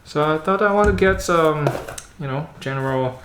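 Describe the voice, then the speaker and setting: A man doing a casual unboxing vlog about camera gear, chatting in a halting way and thinking aloud as he handles the lens. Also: fairly high pitch, noisy background. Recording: roomy echo.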